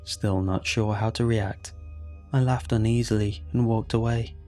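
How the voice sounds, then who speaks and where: A man tells a first-person horror story in a calm, measured way. His voice sits low and dark. Faint music plays underneath. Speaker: narrator.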